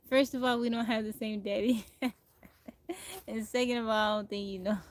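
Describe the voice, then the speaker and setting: A woman's voice: fairly high pitch, fairly even intonation, moderate pace. Chatty woman livestreaming outdoors. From Texas. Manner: chatty, laughs often, drawls slang. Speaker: livestream host. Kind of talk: casual chat. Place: outdoors in nature. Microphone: phone livestream.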